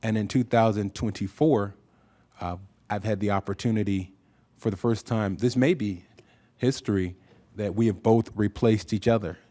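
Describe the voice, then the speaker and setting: A man's voice: on the low side, fairly even intonation, normal speed, warm tone. A man from Florida speaking as a new county commissioner, giving an earnest, rousing acceptance speech in a commission chamber. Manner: earnest, rousing, pledge-making. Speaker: newly sworn county commissioner.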